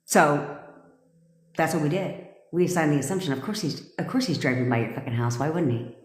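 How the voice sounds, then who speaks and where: A woman's voice: deep voice, lively intonation, brisk. A woman manifestation coach talking to her live stream audience, blunt and emphatic, swearing freely. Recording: echoey room with long reverb.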